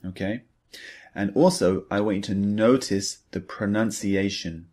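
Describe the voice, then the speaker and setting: A man teaching an English lesson, explaining patiently in a measured way and asking the listener rhetorical questions. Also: on the low side, darkish tone.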